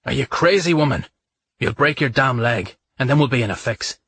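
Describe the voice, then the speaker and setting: A man playing a brooding, passionate male lover in a romance audiobook, speaking low and intimate. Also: level tone, moderate pace, a bit bright. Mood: angry. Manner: low, intimate, sometimes gruff.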